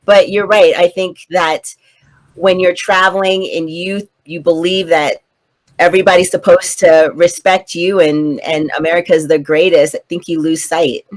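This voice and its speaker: Lower-voiced woman arguing on a panel. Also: level tone, a little slow. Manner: earnest, repeats words when starting. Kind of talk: political panel discussion.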